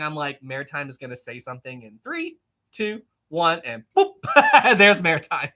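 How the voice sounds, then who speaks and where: A young adult hosting a livestream chats casually about history, rambling and reading chat messages aloud. The voice is medium-pitched and bright, with a forceful tone.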